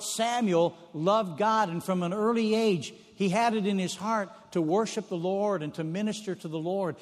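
A man's voice: sits high, big-room sound. A man preaching a sermon, retelling stories in a folksy way and repeating phrases for emphasis.

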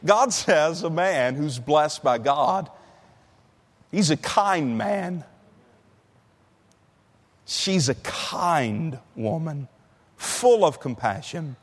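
A man preaching a sermon in a conversational way, slowing down and stretching the key words for emphasis. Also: a little high, lively intonation, slightly rough. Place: large church hall. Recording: long hall reverb.

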